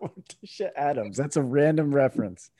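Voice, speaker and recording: A man's voice: a little high, lively intonation, moderate pace, warm tone, slightly rough, dry recording. A man reacting in casual chat, with short laughing replies and wry asides.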